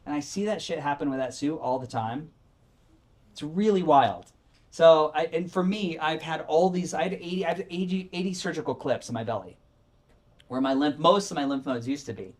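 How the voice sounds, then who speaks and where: A middle-aged man, a podcast guest, telling his story candidly in a rambling, self-correcting, animated way. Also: fairly high pitch, normal speed.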